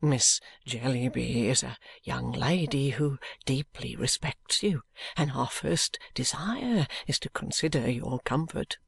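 A reader doing a meek young son, soft and pleading. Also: mid-range voice, takes it slowly, creaky, breathy edge, no echo, pitched below the performer's own voice, full character voice. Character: meek young man, dutiful submissive son. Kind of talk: audiobook character reading.

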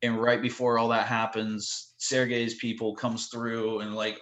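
A man telling animated stories in a relaxed interview, tossing in fillers as he goes. His voice sits at a middle pitch, and the room adds a noticeable echo. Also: measured pace, few pauses. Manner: animated, lots of "like" fillers, acts out quotes. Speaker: guest telling tour stories. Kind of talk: casual storytelling in a podcast interview. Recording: roomy echo.

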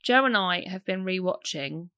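A woman's voice: lowish voice, animated, moderate pace, bright, forceful tone, clean tone, no room sound, clean studio sound. A woman co-hosting a podcast in casual, enthusiastic chat. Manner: chatty, enthusiastic, laughs often. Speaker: podcast co-host.

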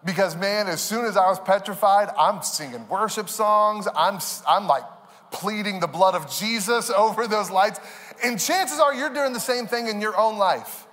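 A man giving a conversational sermon as a pastor, animated and joking with laughs. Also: high voice, in a large hall. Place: church auditorium.

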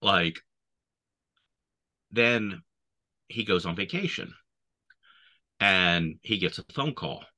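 A man with a very low voice that still has a bright, cutting edge tells army stories in a relaxed way. He swears through nearly every sentence. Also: takes it slowly, pauses often. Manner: profane, swears constantly. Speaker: army veteran. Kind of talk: casual war storytelling.

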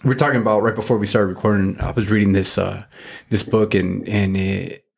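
A man's voice: on the low side, level tone, brisk, gravelly. A man hosting a faith podcast, talking casually and rambling with lots of fillers and restarts. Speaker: podcast host.

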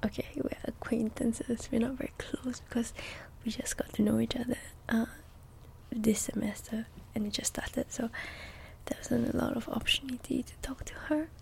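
A young woman, a little congested, chatting in soft-spoken ASMR and rambling through a story with lots of "okay?". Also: a little high, steady tone, moderate pace, creaky. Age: young adult. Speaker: ASMR creator.

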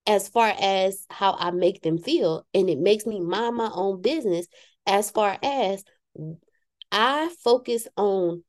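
A woman co-hosting a talk show on spiritual journeys, frank and self-mocking. She drifts into preacher-like asides as she talks. Her voice is mellow and dark, at an ordinary middle pitch. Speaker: podcast co-host.

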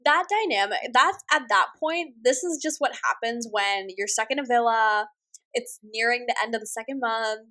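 A woman's voice: fairly high pitch, moderate pace, bright, forceful tone. An American woman co-hosting a podcast in casual chat, offhand and blunt, posing rhetorical questions. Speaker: podcast co-host.

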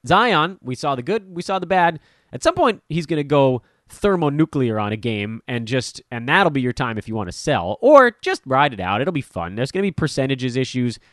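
A man hosting a fantasy basketball podcast, talking casually in an animated, rambling, blunt and jokey way. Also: medium pitch, normal speed, no room sound, studio quality. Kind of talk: casual podcast talk with sponsor promo.

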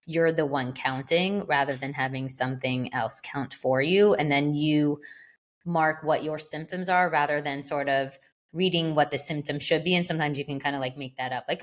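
Woman, podcast co-host, deep voice, casual rambling chat. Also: steady tone, moderate pace. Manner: rambling, full of "like" and "you know".

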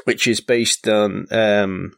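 A man's voice: on the low side, fairly even intonation, slow, gravelly, a bit bright, no echo. A man co-hosting a podcast, chatting casually with fillers and restarts, and reading an old folk tale aloud.

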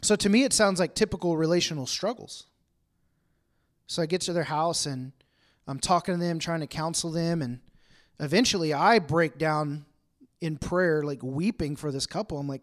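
Brief: male pastor, light higher voice, casual sermon to a congregation, acts out everyday exchanges. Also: moderate pace. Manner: chatty, acts out everyday dialogue in asides. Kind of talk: conversational sermon. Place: room with a congregation.

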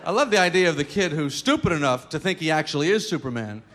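A man's voice: a little high, expressive, fast talker, a bit bright, a little hiss or hum. Man telling an amused story. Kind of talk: anecdote told in casual chat.

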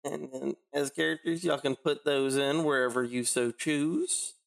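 A man's voice: medium pitch, steady tone, unhurried, vocal fry. A man running a tabletop game as game master, joking and laughing often. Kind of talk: casual tabletop game chat.

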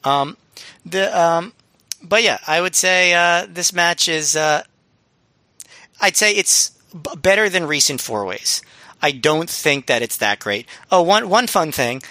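Bright, dry-sounding man in casual chat. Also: a little high, animated, takes it slowly, no echo. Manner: rambling with many ums and restarts. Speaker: podcast co-host. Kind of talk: casual chat reviewing wrestling.

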